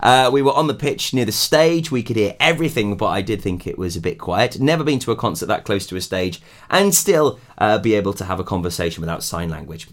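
A chatty man hosting a breakfast radio show, his voice jumping up and down with lively, animated pitch as he talks. He laughs often and reads listener messages aloud into a studio microphone. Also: brisk, few pauses. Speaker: radio presenter. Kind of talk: casual radio chat.

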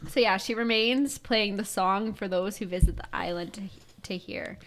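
A woman's voice: medium pitch, moderate pace. A woman co-hosting a podcast, telling stories in casual chat and laughing often. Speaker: podcast co-host.

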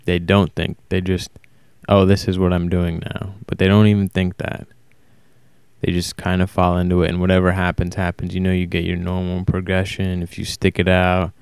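A man talking alone in a casual, rambling monologue, flat and self-described as monotone, often stopping to correct himself. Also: deep voice, a little fast, clear, resonant tone, no echo. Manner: casual, swears. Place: warm indoor room.

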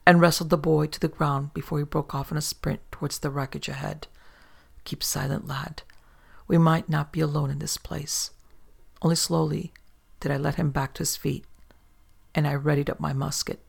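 A man reads a first-person horror story in a low, hushed voice. His tone is heavily gravelly and husky, and his pitch stays flat, with little rise and fall. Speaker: narrator.

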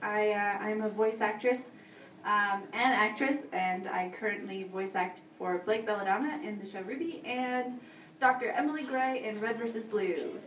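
A woman's voice: mid-range voice, steady tone, normal speed, fairly bright tone, a little hiss or hum. Nervous, giggly young woman in an echoey hall. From Texas. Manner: giggly, nervous, rambling with fillers. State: out of breath. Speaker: voice actress on a convention panel. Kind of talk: casual panel Q&A. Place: convention panel room. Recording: echoey room, from far off.

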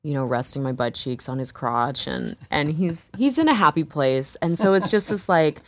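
A woman's voice: deep voice, animated, moderate pace, dry recording. A woman who works as an exotic dancer, telling a story frankly and casually, swearing, laughing often and filling with "like" and "you know". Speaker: exotic dancer, interview guest.

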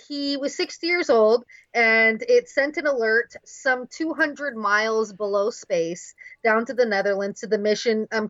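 Bright, giggly woman in casual chat. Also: a little high, no echo, dull audio. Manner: giggly storyteller, chatty with filler words. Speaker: podcast co-host.

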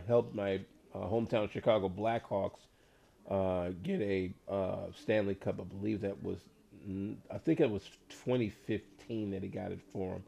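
A man's voice: lowish voice, gravelly, mellow. Enthusiastic man hosting an online hockey show. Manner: enthusiastic, hesitant with fillers and repeats.

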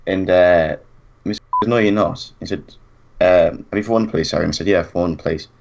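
Low-voiced man telling a story. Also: brisk, gravelly. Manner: animated anecdote, acts out quotes, laughs often. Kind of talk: casual chat. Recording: dull lo-fi recording.

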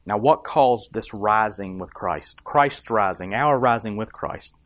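A man's voice: on the low side, a little slow, fairly bright tone, no echo. A man preaching a sermon, emphatic and rising and dropping for effect, asking the congregation questions. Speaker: pastor.

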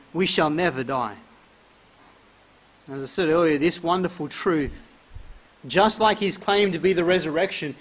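A man's voice: high voice, breathy edge. A man preaching a sermon, reading scripture aloud and pressing his points with emphatic repetition. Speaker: pastor.

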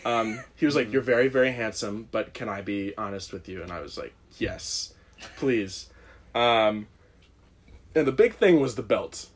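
A man's voice: on the low side, expressive, moderate pace. A young man casually telling a rambling, self-deprecating story on a podcast, often laughing. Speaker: guest.

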